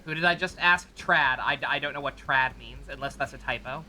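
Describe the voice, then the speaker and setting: Bright-voiced chatty game streamer. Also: medium pitch, a little fast, hardly any pauses, slight background noise. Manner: chatty and wry, reads game dialogue aloud, laughs often. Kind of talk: casual live-stream gameplay chat.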